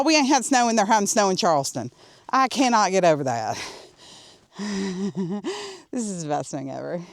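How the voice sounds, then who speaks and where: A woman's voice: a little high, no echo. A woman chatting casually on a hiking trail, laughing often and getting out of breath on the climbs. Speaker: vlogger. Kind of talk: casual hiking vlog talk. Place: outdoors on a desert trail.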